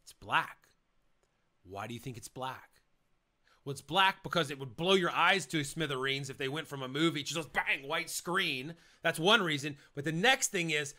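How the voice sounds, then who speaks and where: A man's voice: on the high side, expressive, normal speed, bright, forceful tone. A man coaching on presentations, talking in a punchy, emphatic way and hammering key points with repetition. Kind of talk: energetic instructional talk.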